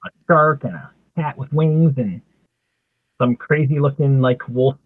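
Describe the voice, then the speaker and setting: A man's voice: mid-range voice, a little slow, dry recording. A man in casual chat, walking through his comic pages and lightly acting out the characters' lines. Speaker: artist co-host. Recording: tinny phone-like dry sound.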